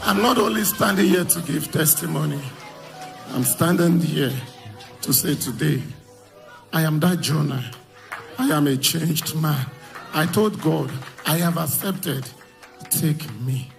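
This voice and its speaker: A man giving an emotional church testimony, telling his story and shouting at the high points. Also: measured pace, creaky, pauses often, faint music behind.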